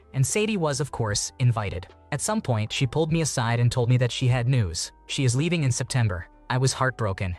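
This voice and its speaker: Brief: male narrator for online story readings, steady and even, faint music bed. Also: mid-range voice. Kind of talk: reading stories aloud with brief comments.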